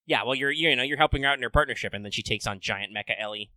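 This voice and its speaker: A man co-hosting a casual gaming podcast, animated and swearing freely, acting out character lines. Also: medium pitch, very fast, no echo. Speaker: podcast co-host.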